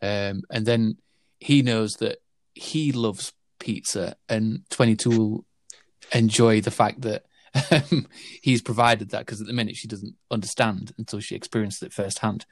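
A man's voice: on the low side, steady tone, a little slow, no echo, clean studio sound. A man in a casual film chat, rambling with lots of fillers and restarts.

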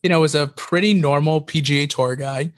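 A man's voice: on the high side, a little fast. A man co-hosting a casual podcast, telling stories animatedly with frequent laughs and fillers. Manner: animated storyteller, laughs often, many fillers. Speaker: podcast co-host. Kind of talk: casual chat.

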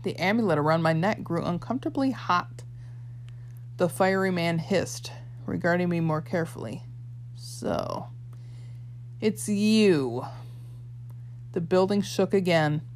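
A woman narrating an audiobook in first person, her voice sitting a little low. She reads expressively, moving between a boy's and a girl's voices. A faint hum runs under the recording. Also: moderate pace.

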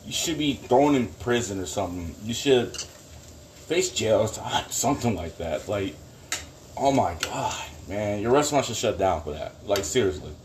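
A man's voice: lowish voice, expressive, measured pace, slight background noise. A man hosting a casual solo podcast from his kitchen, rambling and swearing, breaking into bursts of laughing outrage. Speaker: podcast host. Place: home kitchen.

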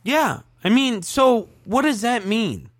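A man's voice: extremely high pitch, sing-song, takes it slowly, no echo, studio quality. A man co-hosting a sports talk show, ranting in frustration with profanity and stammered restarts.

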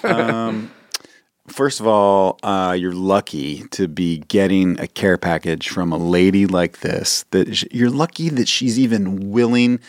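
A man's voice: low voice, unhurried, no room sound, studio quality. A middle-aged man, a guest comedian, trading profane, mock-insulting jokes in casual podcast banter.

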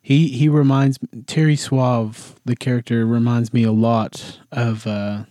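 A man in casual chat about a movie, laid-back and halting as he fills in plot details. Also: mid-range voice, flat delivery, dark tone, dry recording, clean studio sound. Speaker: movie discussion co-host.

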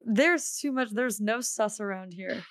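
A woman's voice: medium pitch, unhurried, dry recording, clean studio sound. A woman co-hosting a casual gaming podcast, teasing her partner and giving blunt opinions. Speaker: podcast co-host.

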